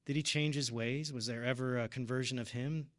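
With a brisk pace, fairly even intonation and a fairly bright mid-range voice, this thirty-something man preaches at a parish, probably as a deacon or preacher. He recounts a personal story as sermon testimony, earnest and emotional.

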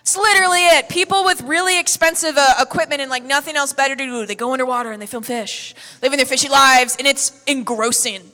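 Bright, high-voiced woman preaching in a hall. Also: fast, few pauses. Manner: energetic, humorous, emphatic storytelling. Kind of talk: sermon. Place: church hall. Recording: echoey hall.

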